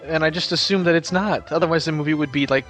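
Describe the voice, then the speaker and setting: Male panelist, deep-sounding, wry and deadpan in casual chat. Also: quick pace, soft background music. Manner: dry, wry remarks. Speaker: podcast panelist.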